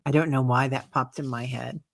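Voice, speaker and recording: A woman hosting an interview, supportive and quick to agree with her guest. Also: rumbling low, fairly even intonation, vocal fry. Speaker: host. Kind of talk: casual conversational interview.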